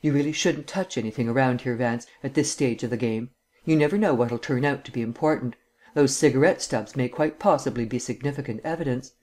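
A man reading an audiobook, voicing a district attorney with a measured, diplomatic manner. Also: mid-range voice, a little mellow, natural voice.

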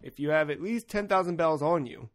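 A young man co-hosting a casual gaming podcast, an excitable storyteller who swears freely. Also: fairly high pitch, brisk. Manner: excitable storyteller, swears freely, acts out his own shouting. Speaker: podcast co-host.

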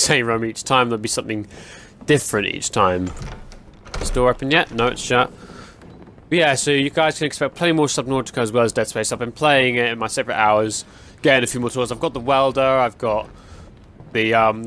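A man's voice: medium pitch, a bit bright, slight background noise. Chatty young man, jumpy gamer. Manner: chatty, rambling, easily startled, yelps and laughs at jump scares. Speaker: gaming channel host. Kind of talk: casual horror let's play commentary.

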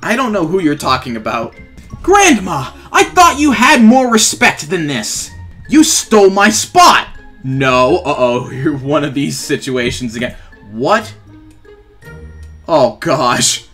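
A man's voice: fairly high pitch, big pitch swings, slow, fairly bright tone. A young man doing playful, sarcastic gameplay commentary as a gaming YouTuber, often laughing as he talks. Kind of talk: gameplay commentary while trolling. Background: faint background music.

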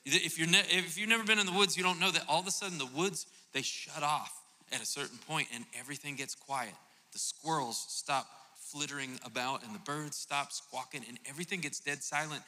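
A male pastor from Florida telling a lively, joking story during a sermon. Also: on the high side, fairly quick, a little hiss or hum. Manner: animated storytelling, jokey asides. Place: church auditorium. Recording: reverberant church hall.

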